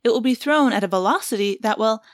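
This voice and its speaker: A woman's voice: a little high, fast, no echo, clean studio sound, lightly acted. A woman voicing a patient, pedantic young male alien, reading a book aloud. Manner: calm, lecturing.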